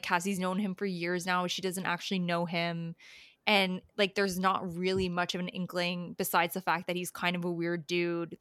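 A woman talks through her story ideas in a loose, chatty way, full of fillers. Her voice sits a little low. The sound is dry and close, with no room around it. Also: fairly bright tone, clean tone, no room sound. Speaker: podcast co-host, writer. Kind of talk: casual chat about writing.

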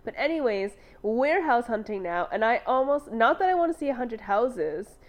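A woman's voice: fairly high pitch, animated, normal speed, a little hiss or hum. A woman co-hosting a podcast in casual chat, rambling and giggling, with lots of "like" fillers. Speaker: podcast co-host.

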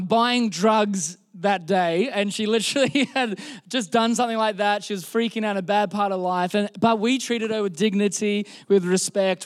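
High-voiced Australian pastor preaching. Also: male voice, clean tone, no room sound, clean studio sound. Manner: animated, self-deprecating, frequent restarts. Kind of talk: sermon with storytelling. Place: church service.

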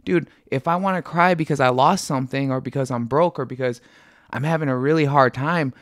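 Blunt fighter swearing in a dry room. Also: male voice, medium pitch, brisk, fairly bright tone, dry recording. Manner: blunt, swears often, earnest. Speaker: podcast guest, fighter. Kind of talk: casual podcast chat.

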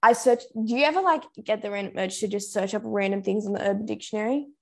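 A woman's voice: medium pitch, fast, vocal fry. A young woman co-hosting a podcast, playful and teasing in casual chat. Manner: playful, teasing, laughs easily. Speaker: podcast co-host.

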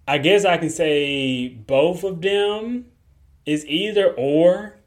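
A man chats loosely into his podcast microphone at an ordinary middle pitch, cracking jokes and holding back chuckles. He sounds laid-back and conversational, like a host talking on his own solo show.

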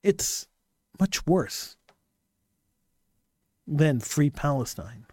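A man's voice: fairly high pitch, lively intonation, drawn-out words, mellow, slightly rough, no room sound. A man delivering an impassioned monologue commentary, hammering points home with repeated rhetorical questions.

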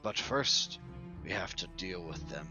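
A man voicing a cunning, calm male goblin leader who speaks in a low, quiet, menacing voice. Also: unhurried, muffled recording, music in the background.

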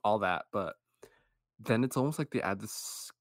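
A man with a fairly low voice co-hosting a movie podcast, recorded dry and close. He talks loosely, with fillers and easy chuckles, as he walks through the plot. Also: normal speed, dry recording. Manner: relaxed, chuckling, uses many fillers. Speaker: podcast co-host. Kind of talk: casual movie review chat.

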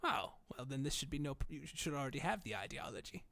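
A man's voice: mid-range voice, lively intonation, quick pace, vocal fry, fairly bright tone, dry recording. A man co-hosting a podcast, chatting casually and slipping into playful jokey bits. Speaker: podcast co-host. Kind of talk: casual chat.

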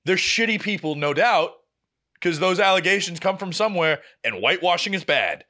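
A young man co-hosts a casual podcast in a bright, forceful voice that sits a touch high. He tells his stories in an animated way and acts out the lines of the people in them. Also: normal speed. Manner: animated storytelling, acts out quoted family members. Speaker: podcast co-host. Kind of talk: casual chat.

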